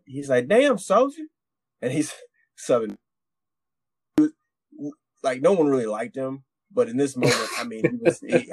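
A man spins a long army story on a podcast, swearing a lot and restarting his sentences often. His voice sits at a mid pitch. The sound is dry and close on the mic. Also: breathy edge, dry recording. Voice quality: rambling, profane, many restarts. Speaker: podcast co-host, military veteran. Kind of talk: casual storytelling.

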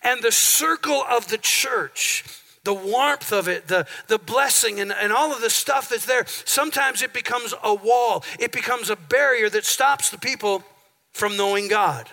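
A man's voice: sits high, a little slow, gravelly, sharp tone. A male pastor preaching a sermon in a church, talking conversationally and calling on the congregation for amens. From central Minnesota. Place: church sanctuary.

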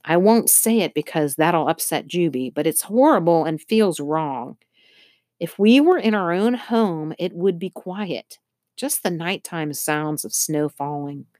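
A troubled young girl speaking with fierce, urgent resolve in a storybook, as a woman reads her part. The voice sits low and close, with a dry, plain sound. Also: expressive, a little slow, mellow, dry recording. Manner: fierce, urgent inner talk.

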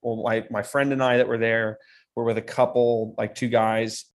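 A man in his twenties co-hosting a podcast, telling a story in casual chat, lively and often laughing. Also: medium pitch, normal speed. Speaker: podcast co-host.

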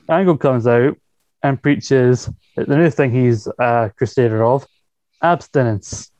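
A man's voice: mid-range voice, darkish tone, no room sound, highs cut off. A Scottish man in casual podcast chat, recapping wrestling with blunt, sweary mockery. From Scotland. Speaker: podcast co-host.

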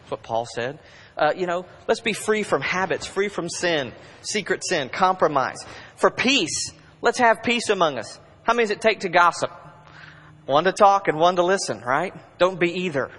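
Male pastor, sermon, slightly high voice, urgent bursts then hushed asides, long church reverb. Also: animated, normal speed. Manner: conversational preaching, swinging between urgent bursts and hushed asides. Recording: long reverb of a large hall.

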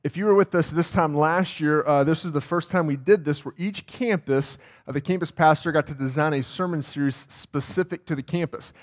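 A man's voice: a little high, a little fast, few pauses. A man preaching a sermon as campus pastor, talking casually and asking the congregation questions. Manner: conversational, asks the congregation questions. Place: church sanctuary.

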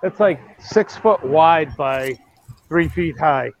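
A man's voice: a little high, animated, takes it slowly. A man with a Boston accent calling in from outside, talking bluntly and plainly about his area. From Massachusetts. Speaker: caller, field reporter. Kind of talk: casual phone-in report. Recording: dry, dull lo-fi call audio.

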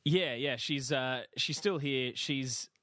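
A man telling a story on a podcast in loose, rambling casual chat. He jumps into acted-out voices with big leaps in pitch. The sound is dry and close. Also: slow, bright, forceful tone, dry recording. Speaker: podcast co-host.

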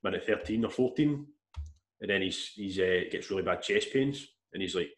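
Guy rattling off a story, swears a lot, kinda low voice, roomy echo. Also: moderate pace. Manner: rambling, animated retelling with swearing and restarts. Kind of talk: casual storytelling chat. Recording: echoey room.

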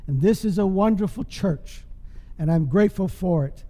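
A man's voice: high voice, normal speed, warm tone. A male pastor preaching a sermon in an emphatic, call-and-response style, checking in with the congregation. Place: church. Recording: long hall reverb.

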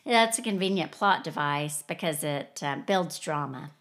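A woman discussing a film in a casual panel chat, measured and often pausing to search for words. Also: deep voice, animated, a bit bright. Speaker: film critic.

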